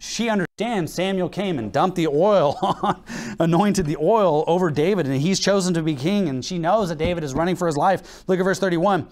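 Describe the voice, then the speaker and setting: A man preaching a sermon as pastor, with an American accent, animated and quick to act out little exchanges and laugh. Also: high-pitched. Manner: animated preaching, acts out dialogue, laughs often.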